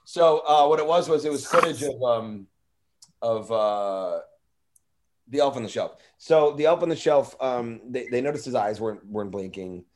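A man hosting a podcast, telling a story in an animated, rambling way and swearing freely. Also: medium pitch, normal speed. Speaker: podcast host. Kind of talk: casual storytelling.

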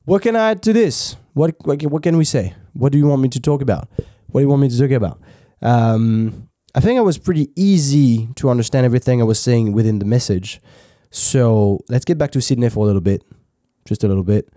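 A man's voice: mid-range voice, expressive, a little fast, dark tone, dry recording, studio quality. A man from France with a French accent, hosting a podcast in a casual advice monologue; laid-back, swearing freely and often restarting his sentences. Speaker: podcast host.

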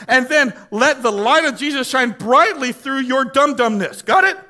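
A man's voice: very high voice, lively intonation, moderate pace, bright, forceful tone. A man preaching a sermon to his church, impassioned and pleading, calling out questions for the congregation to answer. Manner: impassioned, pleading, calls for audience responses. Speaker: pastor. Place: church sanctuary.

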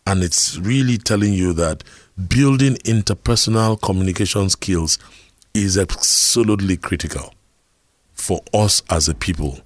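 A man's voice: sits low, normal speed, no room sound, studio quality. A middle-aged Nigerian man giving an earnest talk on communication, telling personal stories and asking rhetorical questions. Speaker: speaker on communication skills.

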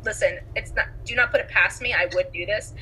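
A woman's voice: medium pitch, fairly quick, sharp tone, a little hiss or hum, poor audio. A young woman co-hosting a casual chat, talkative and giggly, acting out quotes from films as she talks. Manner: chatty, giggly, acts out quotes. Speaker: podcast co-host.

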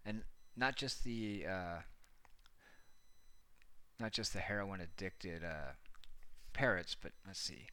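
A man's voice: low-pitched, expressive, slow, pauses often, sharp tone. A man hosting a casual commentary monologue, sarcastic, profane and rambling.

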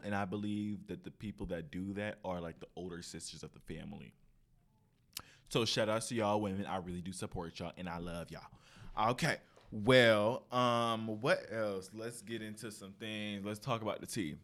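A young man hosting a solo podcast, telling stories in a casual, profane, animated way, full of slang. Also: on the low side, normal speed. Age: young adult. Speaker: podcast host.

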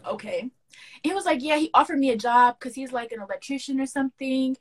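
A young woman with a slightly raised pitch tells a story on a casual podcast. She is animated and slangy and acts out every quoted line. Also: fast talker. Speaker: podcast co-host.

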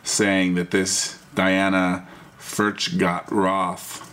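A man co-hosting a casual chat, with halting speech and dry asides. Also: low-pitched, monotone, a bit bright, clean tone. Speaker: podcast co-host.

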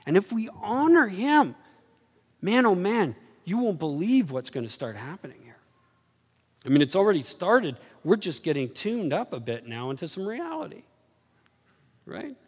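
A man preaching a sermon, telling stories animatedly and swinging from low murmurs to excited highs. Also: normal speed, breathy edge. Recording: reverberant hall.

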